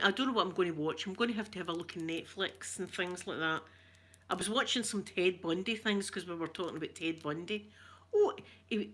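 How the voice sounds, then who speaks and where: An ASMR livestreamer, a middle-aged woman with a Scottish accent, reads viewer comments in a fairly bright mid-range voice. She keeps it casual with her live audience, rambling, laughing often and greeting people by name.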